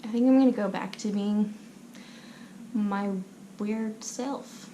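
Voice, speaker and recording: A woman's voice: mid-range voice, fairly even intonation, slow pace, noisy background. A young woman hosting her own channel, chatting casually and often half-whispering at home, rambling with lots of fillers and restarts. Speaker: channel host. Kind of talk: casual personal chat to camera. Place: at home, someone asleep next door.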